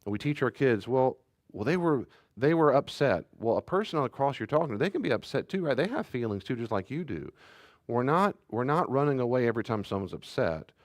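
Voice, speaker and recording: A man's voice: medium pitch, very animated, fast talker, dry recording, studio quality. A pastor giving a conversational sermon, acting out short exchanges between parents and children and sometimes raising his voice for emphasis.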